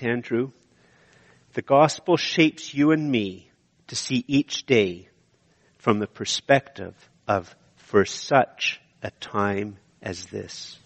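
A middle-aged man preaching a sermon as pastor, impassioned and repetitive, swinging from hushed lines to loud ones. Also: medium pitch. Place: church sanctuary. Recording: long hall reverb.

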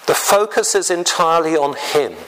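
A man preaching a sermon in a slow, deliberate way, often clearing his throat. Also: fairly high pitch, background noise.

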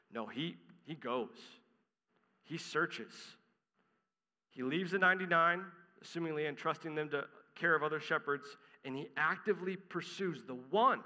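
Bright-voiced man preaching a sermon. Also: on the high side, moderate pace, long reverb tail. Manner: earnest expository preaching, reads scripture aloud.

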